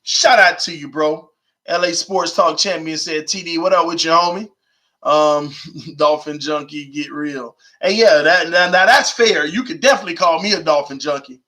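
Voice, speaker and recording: Young male live-stream sports host, high bright voice, slangy and animated. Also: normal speed. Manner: animated, slangy, reads chat aloud, urges viewers.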